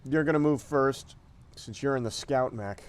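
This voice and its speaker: A man's voice: medium pitch, normal speed. A man streaming a strategy game, thinking aloud casually with fillers and the odd swear word. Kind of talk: gameplay commentary, reading dialogue aloud.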